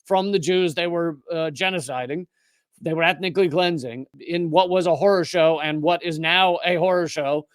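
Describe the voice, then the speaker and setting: A man's voice: on the high side, moderate pace, clear, resonant tone, no room sound. A man hosting political commentary, speaking in an indignant, sarcastic way.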